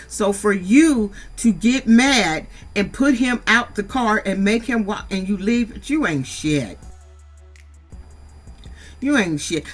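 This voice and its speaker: A woman's voice: fairly low pitch, a bit bright. A middle-aged woman from San Diego giving a blunt, profane recap of a reality show, scolding the cast directly. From San Diego, USA. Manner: blunt, scolding, swears freely. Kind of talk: casual profane recap commentary.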